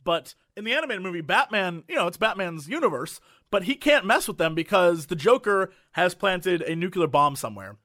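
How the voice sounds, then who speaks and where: A man co-hosting a podcast in casual chat, animated and lively, now and then breaking into mocking voices. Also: high-pitched, a little fast, hardly any pauses, dry recording, studio quality. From United States. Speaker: podcast co-host.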